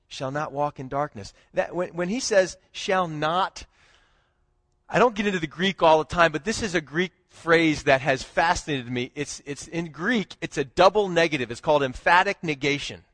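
A high-pitched man preaching a church sermon, rising to loud emphasis and then sinking low and quiet. The recording is dry and close, with almost no room sound. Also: normal speed, no echo. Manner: animated preaching, swinging between loud emphasis and low hushed lines. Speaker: pastor.

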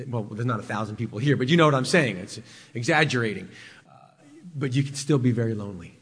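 A man's voice: mid-range voice, quick pace, breathy edge. Preaching man in a reverberant church. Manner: storytelling preacher, swings between loud emphasis and quiet intimacy. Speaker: pastor. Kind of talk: sermon. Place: church sanctuary.

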